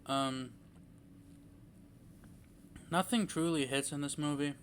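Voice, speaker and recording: A man's voice: a little high, slow, a bit bright, slight background noise. Rambling young man reviewing a movie. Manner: rambling, hesitant, lots of fillers and restarts. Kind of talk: casual spoken movie review.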